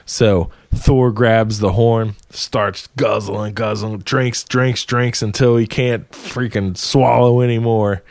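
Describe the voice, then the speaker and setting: A man's voice: fairly low pitch, takes it slowly, few pauses, no room sound, clean studio sound. Man telling a story casually and profanely. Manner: profane, animated, laughs while telling.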